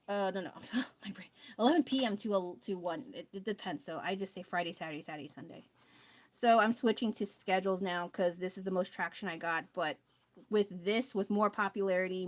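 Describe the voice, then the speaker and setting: A tired young woman, chatting casually on a live stream while she paints. She rambles, laughs at herself often and loses her train of thought. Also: mid-range voice. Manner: rambling, scattered, self-deprecating, laughs often.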